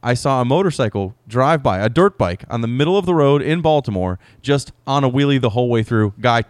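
A man in his thirties tells wry stories on a podcast, laughing often. His voice sits at a middle pitch. The recording is close and dry. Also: lively intonation, brisk, dry recording. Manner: wry, laughing anecdote-teller. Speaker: podcast co-host. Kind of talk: casual chat.

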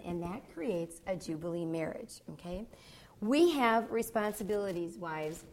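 A woman speaking to married couples at a seminar. She is gregarious and a bit goofy, and she keeps checking in with the audience by asking "okay?". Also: mid-range voice. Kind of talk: teaching talk to married couples.

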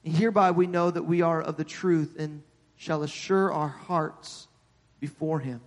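High-voiced preaching man in a hall. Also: steady tone, unhurried. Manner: repeats words while building, rises in pitch and volume at high points. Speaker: pastor. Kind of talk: sermon. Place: church sanctuary. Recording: long hall reverb.

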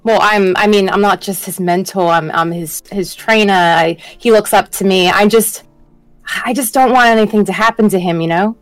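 A woman's voice: mid-range voice, moderate pace, no room sound, faint music behind. A woman playing a tabletop game, talking earnestly and chattily in character. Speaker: player. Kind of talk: tabletop role-play.

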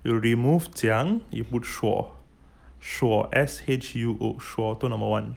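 A man's voice: medium pitch, lively intonation, moderate pace, creaky, darkish tone. A man, teaching Mandarin phrases in a casual lesson, spelling out words and explaining patiently. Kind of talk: casual spoken language lesson.

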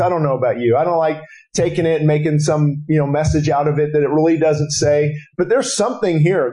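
A man's voice: a little high, mellow, roomy sound, rough recording. A middle-aged man preaching a sermon at a breakfast gathering, earnest and rising into urgent exhortation.

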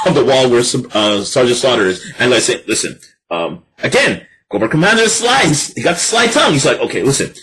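A husky-voiced man co-hosting a casual podcast, his pitch swinging widely as he talks. He jumps into sudden high squeals to act out cartoon scenes. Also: very animated, brisk, pushed and bright, rough recording. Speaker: podcast co-host. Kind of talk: casual chat.

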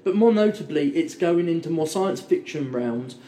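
A man's voice: on the high side, expressive, moderate pace, warm tone, a little hiss or hum. A man chatting casually about films as a podcast co-host, rambling and enthusiastic. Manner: enthusiastic, rambling, quotes people in put-on voices. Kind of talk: casual film chat. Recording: echoey room.

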